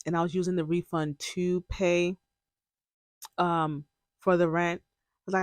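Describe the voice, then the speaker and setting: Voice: medium pitch, level tone, measured pace, long pauses, dry recording. A young adult podcast host candidly retelling a personal story in a casual, emotional way, often quoting their own past words. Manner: candid and emotional, breaks into laughs and tears.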